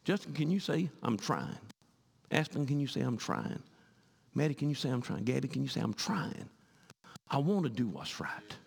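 A male pastor preaching a sermon in church, swinging from fervent shouting to hushed pleading. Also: medium pitch, very animated, normal speed, gravelly, husky, big-room sound.

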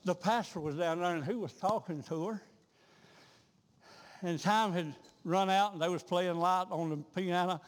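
Preaching revival from the pulpit, this high-voiced man works in a rhythmic, repetitive cadence that swells into loud, fervent peaks at normal speed. The church sanctuary lends each phrase a long, ringing reverb.

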